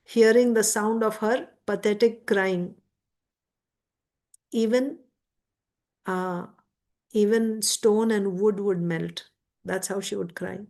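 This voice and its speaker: A woman's voice: medium pitch, fairly even intonation, takes it slowly, pauses often, a little mellow. A woman giving a devotional scripture class, reciting verses and then explaining them word by word.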